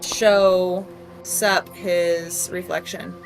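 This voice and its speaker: A woman playing a tabletop role-playing game, musing through her thoughts with pauses. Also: lowish voice, level tone, soft background music, rough recording. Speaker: player. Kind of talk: tabletop role-play chat.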